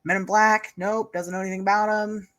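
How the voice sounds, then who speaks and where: A woman's voice: mid-range voice, flat delivery, a little fast. A woman appearing as a guest on a podcast and talking casually about her paranormal investigations. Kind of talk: casual interview chat.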